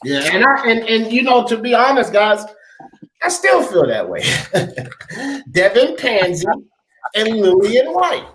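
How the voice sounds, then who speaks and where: A man's voice: sits high, big pitch swings, takes it slowly, long pauses, fairly bright tone, reverberant, a little hiss or hum. A man hosting a casual live sports talk show, slangy and emphatic, laughing often. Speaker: show host.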